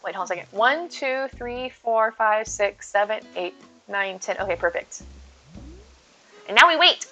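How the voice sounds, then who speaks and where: Chatty woman streamer, bright voice. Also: mid-range voice, moderate pace, dull audio, soft background music. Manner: chatty, rambling, talks to chat by name. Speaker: game streamer. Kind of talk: casual live-stream chat while gaming.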